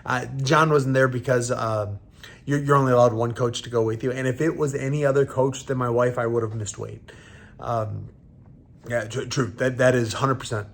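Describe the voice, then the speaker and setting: Fighter in his thirties, halting storyteller who acts out dialogue, mid pitch. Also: fairly even intonation, gravelly. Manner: halting retelling, acting out quoted dialogue. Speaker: professional fighter. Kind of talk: casual storytelling.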